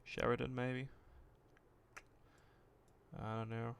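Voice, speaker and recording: A man streaming a tank game live, thinking aloud in a rambling, relaxed way and swearing casually as he sets up a test with viewers. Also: medium pitch, slow, vocal fry, clean tone. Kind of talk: casual livestream commentary.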